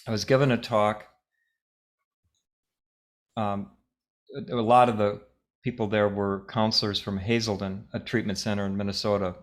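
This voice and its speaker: Low-voiced man speaking gently. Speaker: webinar speaker. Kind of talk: reflective talk and conversation.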